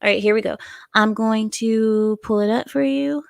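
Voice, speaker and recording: A woman hosting a livestream, chatting casually and reading out viewer comments in an animated, talkative way. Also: a little high, normal speed, gravelly, dry recording. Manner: chatty, animated, breaks into silly voices and laughs. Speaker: livestream host.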